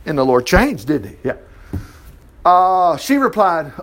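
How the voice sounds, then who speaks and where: A man's voice: a little high, unhurried, long pauses. A man preaching a sermon, reading scripture aloud and stopping to comment on it. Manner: animated, reads verses and breaks in with asides. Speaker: Baptist preacher.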